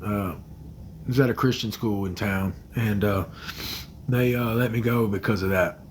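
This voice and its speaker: Soft-spoken man chatting on a livestream. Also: lowish voice, fairly even intonation, normal speed, a little hiss or hum, poor audio. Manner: soft-spoken, hesitant, many fillers, drops to quiet murmurs. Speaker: livestream host answering viewer comments. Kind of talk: casual livestream chat. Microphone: phone livestream.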